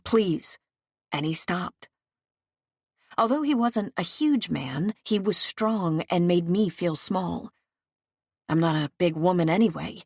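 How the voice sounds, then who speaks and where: A woman reading a first-person audiobook, frank and measured in her telling. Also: lowish voice, husky, dry recording, studio quality. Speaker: audiobook narrator.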